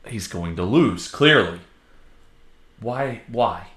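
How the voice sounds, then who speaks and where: A man's voice: lowish voice, normal speed, a bit bright. A man co-hosting a casual podcast, giving opinionated takes with exasperated emphasis. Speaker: podcast co-host. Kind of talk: casual wrestling podcast chat.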